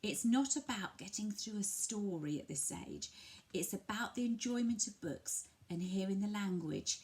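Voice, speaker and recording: An English woman from a family centre explains to parents how to share a picture book, talking gently and patiently and switching to a bright sing-song voice when modelling words. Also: mid-range voice, expressive, moderate pace. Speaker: family centre early language worker. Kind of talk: instructional talk to parents, demonstrating a picture book.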